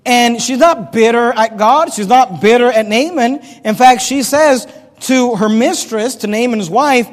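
A man's voice: extremely high pitch, unhurried. A man preaching a sermon as pastor, in a conversational way with humorous asides. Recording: long echoey church reverb.

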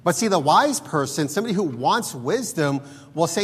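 A man's voice: on the high side, expressive, moderate pace, few pauses, slightly rough, in a large hall. A man preaching a sermon, reading scripture aloud in an emphatic, pleading way.

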